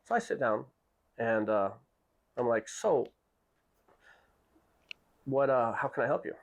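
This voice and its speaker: A man telling a story in a casual monologue, animated and acting out other people's voices. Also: medium pitch, takes it slowly, vocal fry. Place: Japan.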